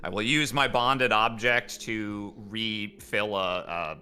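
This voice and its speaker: A man's voice: lowish voice, steady tone, slow, pushed and bright, clean tone. A man chatting casually as a player in a tabletop game, rambling and swearing freely.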